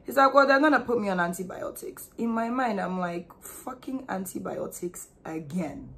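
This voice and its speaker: A young woman from Nigeria with a Nigerian accent, telling a frank, animated story in a casual vlog. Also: mid-range voice. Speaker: vlogger.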